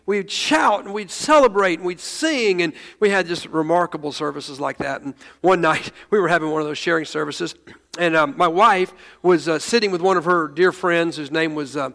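Male pastor, high voice, animated storytelling sermon, long hall echo. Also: normal speed. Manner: animated, laughing storyteller with stumbling restarts.

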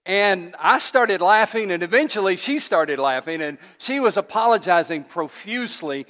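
A man preaching as a pastor, telling a funny story with animated delivery before his sermon. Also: high voice, normal speed. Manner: animated storyteller who laughs at his own tale. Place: church sanctuary. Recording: long church reverb.

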